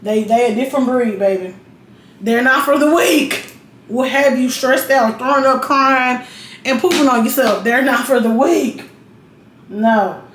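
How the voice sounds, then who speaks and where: A young woman talks straight to camera, blunt and profane and full of asides to the viewer. Her voice sits a little high. The room adds a roomy echo over a faint hiss of noise. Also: unhurried. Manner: blunt, profane, chatty, keeps checking in with the viewer. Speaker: vlogger. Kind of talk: casual storytelling while getting ready.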